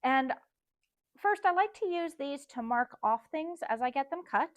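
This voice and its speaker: A woman's voice: sits high, animated, normal speed, dry recording. A woman designer teaching a casual step-by-step sewing tutorial, chatting and thinking aloud as she works.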